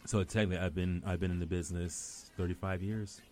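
Man, west indian accent, middle-aged, lowish voice, casual rambling chat. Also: fairly even intonation, fast, dark tone, soft background music. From West Indies. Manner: rambling storyteller with many restarts. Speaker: actor and guest.

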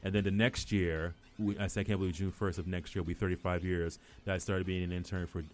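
Low-pitched and flat yet quick, this middle-aged West Indian man's voice is a little mellow. As an actor guesting in a casual chat, he rambles through stories, restarting again and again.

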